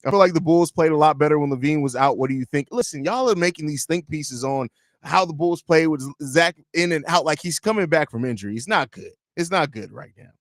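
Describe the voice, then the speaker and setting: A man's voice: a little high, brisk, no room sound, clean studio sound. A man hosting a live sports podcast, rambling and joking profanely while reading chat aloud. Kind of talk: casual live-stream chat.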